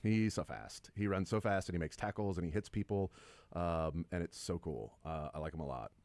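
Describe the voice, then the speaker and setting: A man's voice: low-pitched, moderate pace, darkish tone, no echo. Rambling enthusiastic man on sports radio. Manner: rambling, enthusiastic, fond of nostalgic player picks. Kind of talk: casual sports radio banter.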